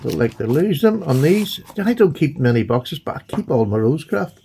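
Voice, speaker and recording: A man chatting excitedly and gushing as he unboxes and admires his new knives. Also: mid-range voice, a little fast, gravelly, a little hiss or hum. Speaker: knife collector vlogger. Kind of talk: casual unboxing chat.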